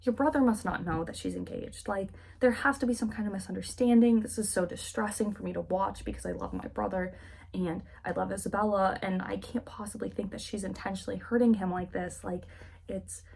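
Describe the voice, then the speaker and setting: Woman reading as a naive young heroine, flustered and earnest, a little husky, casual book-recap feel. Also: mid-range voice, brisk, darkish tone. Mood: distressed. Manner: earnest, flustered, repeating herself.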